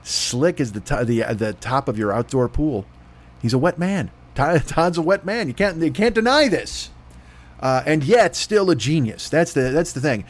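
A man's voice: fairly high pitch, expressive, normal speed. A man hosting a comedy podcast, riffing through a profane, rambling ad read with a dry throat and mock announcer voices. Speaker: podcast host.

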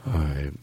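A man hosting a podcast, talking in a rambling, animated way and laughing often as he riffs. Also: no echo. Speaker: podcast host. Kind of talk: casual comedic chat.

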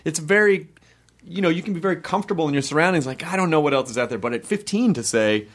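A man hosting a casual talk show, asking questions in a joking, animated way. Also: on the high side. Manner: animated, joking, quick asides. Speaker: podcast host. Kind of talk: casual chat.

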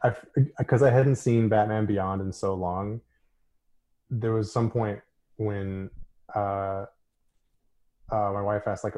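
A man co-hosting a podcast in casual chat, animated and laughing often, full of fillers. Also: lowish voice, moderate pace. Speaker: podcast co-host.

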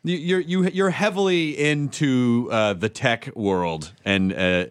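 A man hosting a podcast, teasing his guest with quick, crude jokes. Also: mid-range voice, smooth. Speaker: podcast host. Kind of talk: casual podcast chat.

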